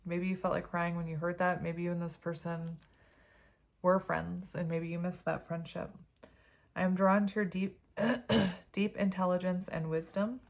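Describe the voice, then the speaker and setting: A woman's voice: on the low side, flat delivery, unhurried. A woman reading tarot cards to her viewers in a casual, chatty way, often laughing as she reads the card messages aloud. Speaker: tarot reader.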